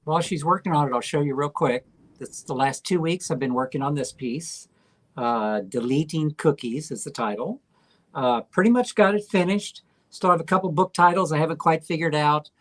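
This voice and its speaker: A man's voice: on the high side, normal speed. A man co-hosting a live stream, talking easily and walking through his painting step by step. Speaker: artist and show host. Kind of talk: casual live stream chat.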